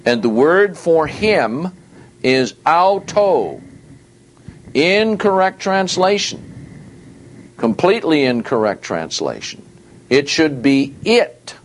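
A man teaching a Bible study, reading verses aloud and repeating key words with deliberate stress. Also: fairly high pitch, big pitch swings, slight background noise.

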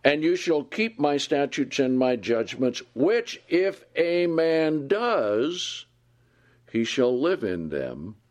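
Slow, lively-voiced man preaching. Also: fairly high pitch. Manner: asks the listeners questions and answers them; reads scripture aloud with slow emphasis. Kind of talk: Bible teaching sermon.

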